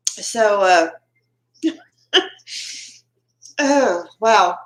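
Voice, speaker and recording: A woman's voice: medium pitch, slow pace, pauses often, fairly bright tone. A Texan woman hosting a casual live chat with her viewers from home, chatty and laughing often as she greets them by name. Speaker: livestream host. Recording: roomy echo.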